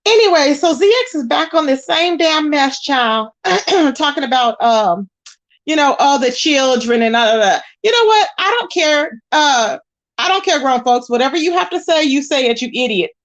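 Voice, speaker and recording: A woman's voice: high voice, lively intonation, moderate pace, fairly bright tone. A woman hosting a casual livestream, greeting viewers and chatting while she searches her screen. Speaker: livestream host.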